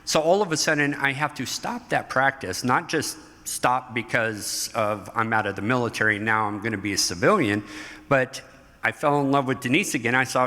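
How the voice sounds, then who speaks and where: A middle-aged man, a guest in an interview, telling stories from his life in an animated way, often laughing. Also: mid-range voice. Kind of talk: storytelling interview. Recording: hall reverb.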